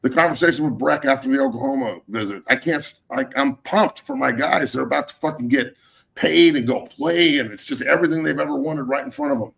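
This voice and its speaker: Male sports talk host, middle-aged, gravelly, heated profane ranting. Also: medium pitch, fairly quick, fairly bright tone. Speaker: podcast host.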